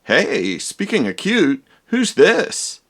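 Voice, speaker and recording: A man's voice: sits high, wildly swooping pitch, takes it slowly, a bit bright, slightly rough, heavily acted. A man doing a theatrical young mad doctor. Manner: theatrical, exaggerated delivery. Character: young male doctor, dramatic, vain, slightly pompous. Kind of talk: comedy parody voice acting.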